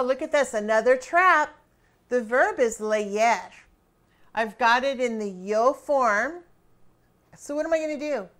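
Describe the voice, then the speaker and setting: A Spanish teacher leads her students through a grammar drill in a classroom lesson, speaking in an unhurried, deliberate way with a slightly higher than average, fairly bright voice. She quizzes them with rhetorical questions, then pauses to let them think. Encouraging throughout, she keeps checking in with the class.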